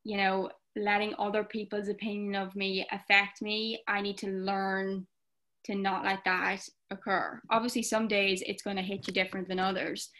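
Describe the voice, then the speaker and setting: A woman's voice: mid-range voice, level tone, normal speed, a bit bright. A young Irish woman guesting on a podcast, chatting casually with lots of fillers and acting out quotes. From Ireland. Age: young adult. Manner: chatty, many fillers, acts out comments in quoted voices. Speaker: guest content creator.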